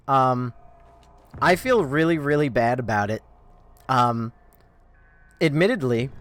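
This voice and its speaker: Slow, self-mocking young streamer man. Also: mid-range voice. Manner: rambling, self-mocking, swears freely, laughs between lines. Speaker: game streamer. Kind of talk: casual live-stream storytelling.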